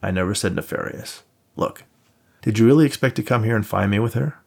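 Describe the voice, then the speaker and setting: Guy doing a worn out hurt man, dry sarcastic, low gravelly voice. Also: a little fast, darkish tone. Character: tired injured man, dry and guarded. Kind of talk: audiobook character voice.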